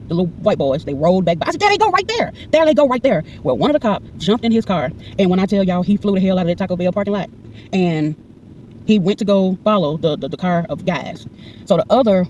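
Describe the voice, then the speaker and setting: A woman's voice: on the low side, recorded from a distance, muffled recording, a little hiss or hum. A woman in her forties telling a personal story to camera, acting out the dialogue in a heated, indignant way. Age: 40s. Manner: animated, acts out every exchange in quoted dialogue; heated and indignant when retelling. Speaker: vlogger recounting a personal incident.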